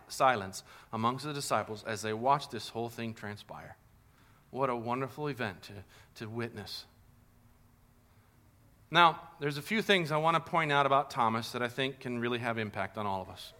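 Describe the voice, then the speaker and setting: A man preaching a sermon, telling a story with animated delivery and acting out the people in it. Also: mid-range voice. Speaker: pastor.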